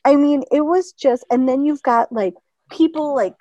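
A middle-aged woman telling a funny family story in casual chat, animated and laughing often, mimicking relatives in higher voices. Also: normal speed, no room sound. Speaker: storyteller in a conversation; teacher.

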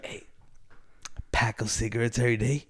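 A man in casual chat, relaxed and stubbornly repeating his point. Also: medium pitch, normal speed, slightly rough, no echo.

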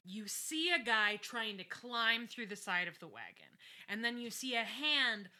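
A woman's voice: a little high, unhurried. A woman co-hosting a podcast, recapping a TV episode in casual, enthusiastic chat with plenty of swearing. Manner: enthusiastic, profane, animated.

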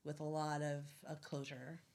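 Earnest woman with a lowish voice. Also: level tone, moderate pace, a little mellow. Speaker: guest, friend. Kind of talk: casual conversation.

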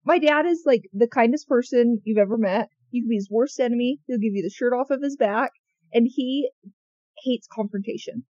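A woman's voice: fairly high pitch, normal speed, warm tone, dry recording, dull audio. A young adult woman co-hosting a casual podcast chat, bluntly telling stories and swearing freely. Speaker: podcast co-host.

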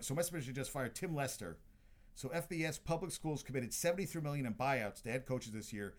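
A man hosting casual sports talk, blunt and opinionated, swearing freely as he runs through the news. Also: mid-range voice.

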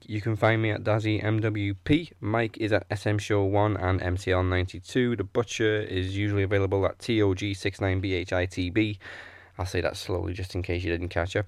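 A man's voice: lowish voice, steady tone, a little fast, no room sound. A man co-hosting a podcast, chatting casually and reading out show plugs and sign-offs. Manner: plugs and reads out show details. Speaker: podcast co-host.

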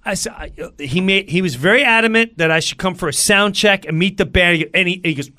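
A middle-aged man telling a story in a lively way, acting out the lines of the people in it. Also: high voice, a little fast, no room sound. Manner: acts out other people's lines in quoted voices. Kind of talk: animated storytelling.

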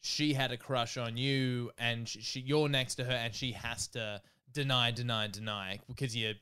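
A young man co-hosting a podcast, easygoing and teasing as he recounts stories. His voice is smooth and clear at an average pitch. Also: fairly even intonation, moderate pace, sharp tone. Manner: laughing, teasing, easygoing storyteller. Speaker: podcast co-host. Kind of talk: casual podcast chat.

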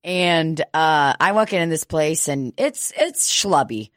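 A woman's voice: low-pitched, lively intonation, slow pace, no echo, clean studio sound. A woman host telling a comedic story in casual, profane talk, laughing often and acting out quotes.

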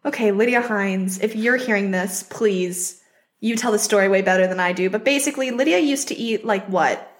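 A woman in her twenties co-hosting a casual podcast, playful with drawn-out comic asides. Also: medium pitch, reverberant. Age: 20s. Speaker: podcast co-host. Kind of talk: casual chat.

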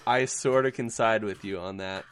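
A man's voice: fairly low pitch, moderate pace, a bit bright, clear, resonant tone, dry recording. Joking man, dry close sound. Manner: loose, joking, many restarts and fillers. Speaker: podcast co-host. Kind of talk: casual chat.

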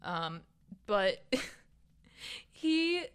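A woman's voice: medium pitch, big pitch swings, very slow, a bit bright, clear, resonant tone. A young woman co-hosting a casual podcast, gossiping and laughing often. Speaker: podcast co-host. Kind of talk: casual chat.

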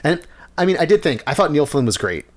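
A man co-hosting a casual show chat, measured and hedging his opinions. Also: on the high side, very animated.

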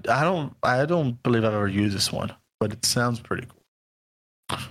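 A man's voice: medium pitch, expressive, normal speed, a bit bright. A man in his twenties co-hosting a casual podcast chat about sayings, joking around and stumbling over his words. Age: 20s. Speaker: podcast co-host.

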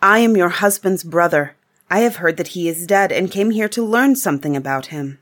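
A woman's voice: on the low side, expressive, normal speed, natural voice. A woman voicing a bold young prince in a storybook reading, speaking firmly and plainly. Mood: earnest.

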